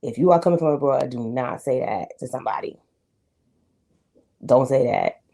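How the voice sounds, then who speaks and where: Brief: middle-aged New York woman host, deep dark voice, slangy and emphatic. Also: moderate pace, gravelly. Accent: New York African American English. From United States. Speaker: reaction video host. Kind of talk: casual reaction commentary.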